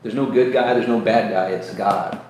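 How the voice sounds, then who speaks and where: A man's voice: lowish voice, moderate pace, background noise. A man hosting a casual talk about faith, telling personal stories earnestly and acting out voices in quotes. He grew up in New York State. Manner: earnest storytelling with acted-out quotes. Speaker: host. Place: room near a beach. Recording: echoey room, faint ambience.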